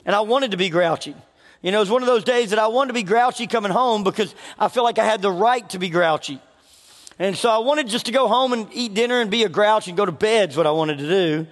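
High-voiced pastor preaching in a hall. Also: male voice, quick pace. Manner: storytelling, conversational, frequent restarts. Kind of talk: sermon. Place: church hall. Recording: reverberant hall.

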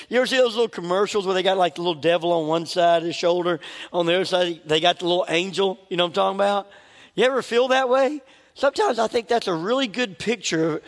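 A man's voice: high voice, big-room sound. A man preaching a sermon as pastor, conversational and humorous, acting out his own inner voices.

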